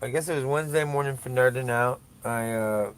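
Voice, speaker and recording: A man's voice: medium pitch, brisk, clean tone, no echo. An older man rambling casually and profanely through a solo podcast, joking at his own expense. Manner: rambling, profane, self-mocking. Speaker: podcast host.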